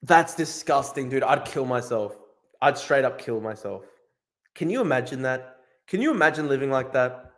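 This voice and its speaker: A man's voice: medium pitch, expressive, normal speed. A man hosting a casual livestream, ranting in a profane, incredulous way and repeating himself. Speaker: streamer host.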